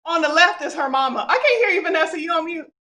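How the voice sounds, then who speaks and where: Her voice is very high, expressive, quick and sharp in tone as she co-hosts an online celebration on a video call. She's exuberant and laughing, calling out hype chants in lively, casual livestream fashion.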